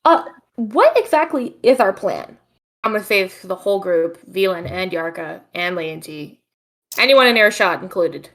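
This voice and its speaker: Lady doing a young adventurer w a lisp, kinda hesitant, mid pitch. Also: lively intonation, normal speed, fairly bright tone. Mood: questioning. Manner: hesitant, searching for words.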